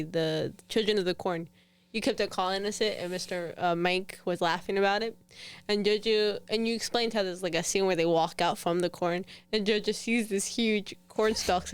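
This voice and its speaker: A woman in a casual family chat, telling a hunting story in a quick, amused way. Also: medium pitch, smooth. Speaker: family member, hunting companion.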